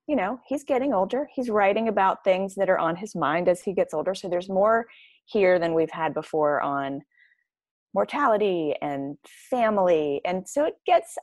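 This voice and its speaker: A woman's voice: on the low side, darkish tone, dry recording, clean studio sound. A woman enthusiastically recommending books in a casual podcast chat. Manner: bubbly, enthusiastic. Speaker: book recommender.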